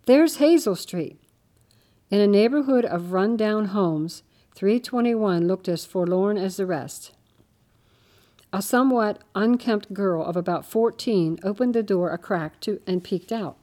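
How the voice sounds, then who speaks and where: Female storybook narrator, mellow tone, gently varies the voices. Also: medium pitch, measured pace. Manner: gentle, changes her voice slightly for each character. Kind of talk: storybook reading with character voices.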